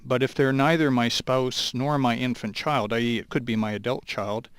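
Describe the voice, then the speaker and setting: A man, a lawyer guest, explaining legal ideas in a thoughtful, halting way on a talk show. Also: mid-range voice, fairly even intonation, clear, resonant tone, no echo. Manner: thoughtful, halting, with many restarts.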